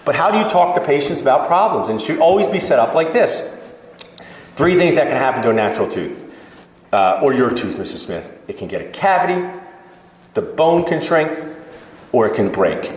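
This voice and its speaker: A man's voice: medium pitch, very animated, a little fast. A man, a dentist, giving a casual, joking conference talk to dental students and acting out chats with patients. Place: large lecture hall. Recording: echoey hall with long reverb.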